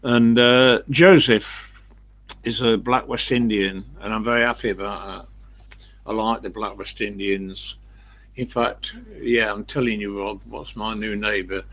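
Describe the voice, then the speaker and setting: A man's voice: on the low side, fairly even intonation, measured pace, a bit bright, poor audio. An older man chatting casually and bluntly with livestream viewers, rambling through anecdotes. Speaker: livestream host.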